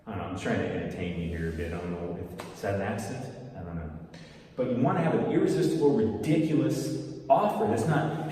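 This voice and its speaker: A man teaching business in a casual motivational style, energetic and playful, often repeating key words. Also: fairly low pitch, moderate pace, slight background noise. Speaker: business coach. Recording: echoey room, far from the mic.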